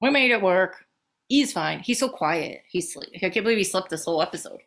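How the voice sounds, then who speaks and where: A woman's voice: fairly low pitch, expressive, fairly quick, fairly bright tone. A woman co-hosting a podcast in casual, chatty talk, swearing freely and laughing easily. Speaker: podcast co-host. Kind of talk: casual chat.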